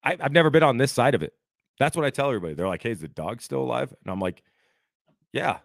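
A very animated man in his thirties talks fast with vocal fry in a mid-range voice, recorded cleanly in a studio with no room sound. As a podcast co-host, he shares a story in relaxed chat, performing the quotes and repeatedly saying "dude."

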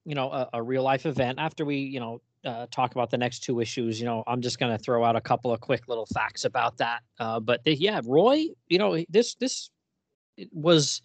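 Relaxed rambling man, dry sound. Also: medium pitch, moderate pace, no echo. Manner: relaxed, rambling, many fillers, laughs often. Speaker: podcast host. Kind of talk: casual chat.

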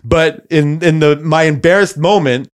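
A man's voice: fairly high pitch, moderate pace, smooth. A middle-aged man telling a long, rambling story on a podcast, swearing often and laughing as he goes. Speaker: podcast co-host. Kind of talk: casual chat, storytelling.

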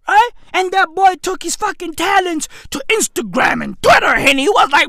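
Shrill excitable woman. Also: moderate pace, few pauses. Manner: excitable, mocking, often shouting and laughing. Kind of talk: comedic rant.

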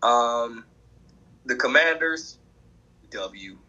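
A man co-hosting a sports podcast, talking in an animated, emphatic, trash-talking way. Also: medium pitch, very slow, dull audio. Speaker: podcast co-host. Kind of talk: casual sports chat.

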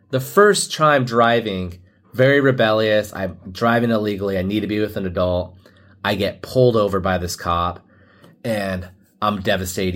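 A man's voice: on the low side, fairly bright tone. A young man from who hosts a podcast, telling a personal story in a casual, rambling way, full of restarts and "like" fillers. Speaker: podcast host.

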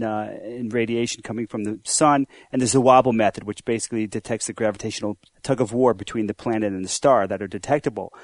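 A man's voice: medium pitch, dry recording. A man co-hosting a science podcast, explaining news in casual chat and often restarting his words. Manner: hesitant, repeats words. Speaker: podcast co-host.

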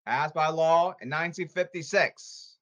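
Man, angry repetitive rant, slightly high pitch, bright tense tone. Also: unhurried. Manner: repetitive, emphatic, angry outbursts. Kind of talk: ranting monologue.

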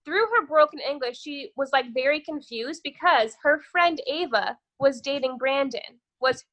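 A woman's voice: high voice, lively intonation, moderate pace, fairly bright tone. A young woman guesting on a podcast, telling a long dating story in a casual, rambling way, cursing freely and tossing in "whatever". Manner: profane, rambling, says "whatever" a lot.

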